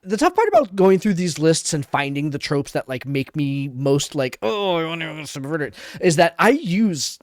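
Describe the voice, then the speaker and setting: A man's voice: a little high, very animated, normal speed, hardly any pauses, no echo, studio quality. A man who runs tabletop games, talking enthusiastically on a podcast with lots of "like" and restarts. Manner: enthusiastic, many fillers and restarts. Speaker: game master and podcast panelist. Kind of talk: casual podcast chat.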